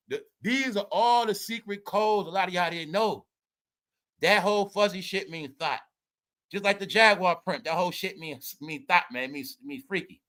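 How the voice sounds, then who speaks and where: High bright guy ranting about celebs, laughs a lot, cusses, keeps saying y'all. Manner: loud, laughing, swearing, addresses viewers as y'all. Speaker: commentary host. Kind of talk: casual celebrity gossip rant.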